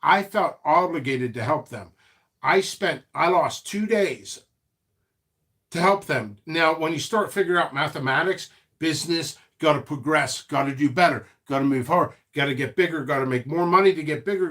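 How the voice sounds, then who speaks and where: A man hosts an easygoing live stream about his seed business, speaking at a moderate pace in a slightly high voice. He rambles animatedly, often restarting sentences and slipping into asides.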